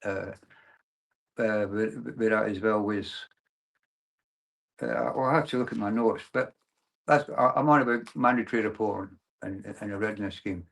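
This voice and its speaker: A man in his sixties from Glasgow, telling his own story as an interview guest, in a halting way with frequent restarts and the filler "like, no". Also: fairly low pitch, creaky, a bit bright. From Glasgow, Scotland. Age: 60s. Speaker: guest, abuse survivor and campaigner. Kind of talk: personal testimony in conversation.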